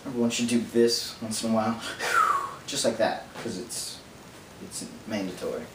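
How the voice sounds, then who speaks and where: A man vlogging alone in a casual, rambling monologue, talking fast and drifting into nerdy tangents. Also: on the low side, fairly even intonation. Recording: roomy echo from distance, faint hum.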